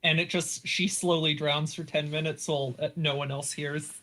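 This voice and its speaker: Bright-voiced man rambling as a player. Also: fairly high pitch, little pitch movement, moderate pace. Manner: rambling, hedging with "like" and "you know". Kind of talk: casual tabletop play.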